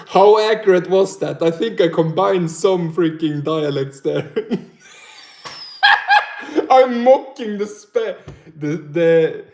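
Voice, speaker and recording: A man's voice: on the high side, slow pace, long pauses, darkish tone. A young man from northern Sweden with a Swedish accent, chatting casually on a livestream, swearing a lot and laughing often. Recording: roomy echo.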